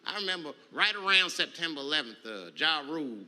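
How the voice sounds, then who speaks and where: A man doing stand-up comedy, telling a story in a loose, profane, conversational way with sudden shouted bursts, on a live stage. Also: a little high, sing-song, fairly quick. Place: comedy stage with audience laughing. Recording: noisy live stage recording.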